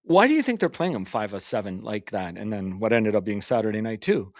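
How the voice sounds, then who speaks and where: A man's voice: on the low side, very animated, a little fast, no echo, clean studio sound. A man with a Canadian accent, co-hosting a sports talk show, agreeing and chiming in with stats. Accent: Canadian English. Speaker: co-host.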